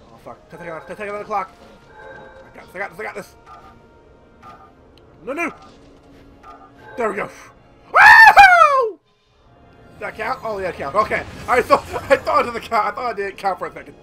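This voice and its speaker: Man gameplay streamer, animated, rambling, swears a lot, game music loud underneath. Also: high voice, brisk, pauses often, rough recording. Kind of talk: casual gameplay commentary. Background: game music and sound effects.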